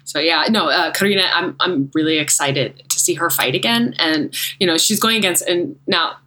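A woman's voice: low-pitched, moderate pace, sharp tone, rough recording. An American woman co-hosting a fight-sports podcast, talking casually in a rambling, self-deprecating way and laughing often. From United States. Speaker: MMA commentator and podcast co-host.

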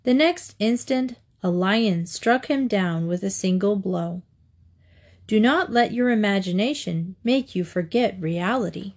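A woman reads fables aloud at a slow, unhurried pace, pitched in an ordinary middle range. Her storytelling is measured and deliberate, and she gives each moral its own pause.

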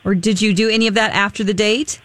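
A woman's voice: mid-range voice, fairly even intonation, quick pace, fairly bright tone, no echo. A woman co-hosting a morning radio show, asking upbeat questions in casual banter. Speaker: radio show co-host and producer.

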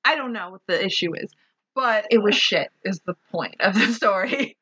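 A woman co-hosting a casual podcast chat, sarcastic and quick to swear and laugh. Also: mid-range voice, animated, bright, forceful tone, husky, lo-fi sound. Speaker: podcast co-host.

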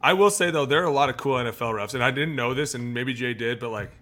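Brash, bright-voiced ex-lineman. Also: mid-range voice, fast. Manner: brash, opinionated, swears freely. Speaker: former football lineman, podcast co-host. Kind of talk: casual sports chat.

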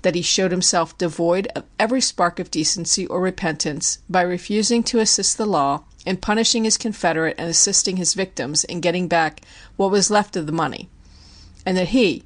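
A woman with a lowish voice narrates an audiobook, reading the scripted story in a measured, even manner.

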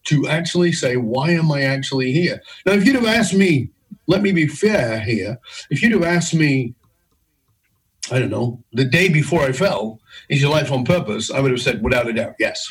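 A middle-aged man telling a personal story in an interview, intense and emphatic, with his pitch swinging widely. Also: expressive, normal speed, husky, rough recording. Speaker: guest, leadership speaker.

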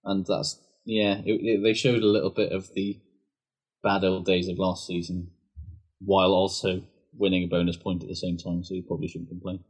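A man talks rugby in loose, profane banter. His voice sits a little low and has a husky edge. He keeps it casual and animated. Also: normal speed. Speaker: podcast co-host. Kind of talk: casual chat.

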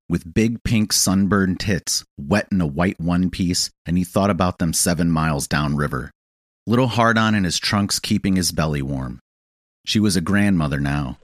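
A man reading a literary audio play in a measured, understated storytelling manner, close to the microphone. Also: deep voice, dry recording. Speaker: audiobook reader. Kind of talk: scripted narration of an audio play.

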